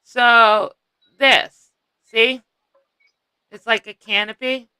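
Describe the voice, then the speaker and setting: A woman with a Massachusetts accent chats casually as the host of a live stream. Her voice is bright and a touch sharp, and she takes her time, drawing out words and letting sentences trail off. She laughs easily between thoughts. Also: fairly high pitch, fairly even intonation, drawn-out words, clear, resonant tone, dry recording, rough recording.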